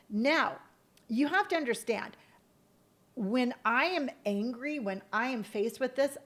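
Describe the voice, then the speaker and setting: A middle-aged woman hosting a live stream, telling personal stories in a casual, animated and profane way. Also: a little high. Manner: animated, profane, emotional storytelling. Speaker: streamer host.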